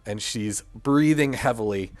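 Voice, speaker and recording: Slow, halting male game master. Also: on the low side, darkish tone. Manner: halting, full of fillers. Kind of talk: narrating a tabletop game.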